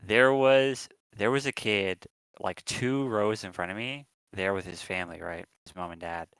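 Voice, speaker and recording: A man's voice: lowish voice, normal speed, a bit bright, smooth, dry recording, poor audio. A man co-hosting a podcast, chatting casually and rambling with lots of ums and restarts. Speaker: podcast co-host. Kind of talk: casual chat.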